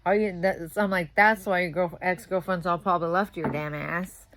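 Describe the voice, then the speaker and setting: A sleep-deprived young new mother rants to the camera in a casual, profane monologue. Her voice sits a little low, and she keeps swearing as she gets heated. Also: fairly even intonation, moderate pace, a little hiss or hum. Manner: profane, ranting, grows louder and heated. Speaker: vlogger.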